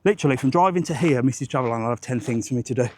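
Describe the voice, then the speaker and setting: A man's voice: mid-range voice, rapid-fire, darkish tone, a little hiss or hum. A man, chatting rambling and jokey on a live walking vlog outdoors, swearing casually, into a handheld phone. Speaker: travel vlogger.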